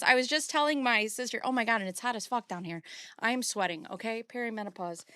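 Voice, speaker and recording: Woman streamer in her forties, casual rambling chat, smooth clear voice, dry close sound. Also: fairly high pitch, a little fast, bright, forceful tone, no echo. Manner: rambling, chatty, self-deprecating. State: a little out of breath. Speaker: streamer host.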